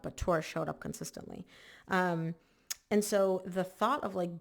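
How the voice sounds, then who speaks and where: Gravelly-voiced chatty woman reading tarot. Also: on the low side. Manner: chatty and emphatic, lots of "like" and "oh my gosh". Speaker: tarot reader. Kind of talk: casual spoken tarot reading.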